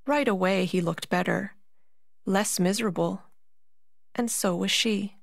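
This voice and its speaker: Brief: unhurried woman storyteller, measured pauses, dry close sound. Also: medium pitch, vocal fry, no echo. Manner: slow, deliberate storytelling with dramatic pauses. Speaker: narrator and puppeteer. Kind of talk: storytelling narration for a concert.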